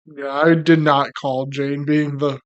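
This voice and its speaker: A woman's voice: deep voice, little pitch movement, unhurried, lo-fi sound. A woman guest on a podcast, chatting in a dry, offhand way about a movie. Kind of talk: casual chat.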